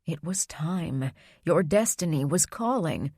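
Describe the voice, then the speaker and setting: A woman voicing a calm, secretive grandmother who speaks in a soft, low, soothing way. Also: takes it slowly, slightly rough, no echo, clean studio sound, exaggerated voice.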